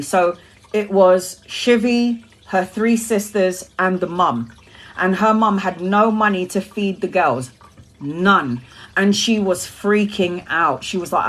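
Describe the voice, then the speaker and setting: A woman's voice: medium pitch, unhurried. Chatty woman tarot reader, frequent laughs. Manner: chatty, laughs often, swears casually. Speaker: tarot reader on a live stream. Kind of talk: casual chat to live viewers.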